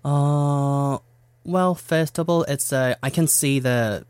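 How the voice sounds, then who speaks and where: A man's voice: fairly high pitch, slow, a little mellow, clean tone, no room sound. A young man from South Korea whose first language is Korean, chatting as an interview guest with lots of fillers and frequent laughter. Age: young adult. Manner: chatty, laughs often, many fillers like "like" and "you know". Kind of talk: casual interview chat.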